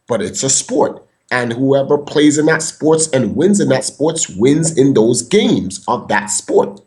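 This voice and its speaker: Male podcast host, mid-pitched, casual rant, swearing, rambling. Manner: profane, emphatic, rambling.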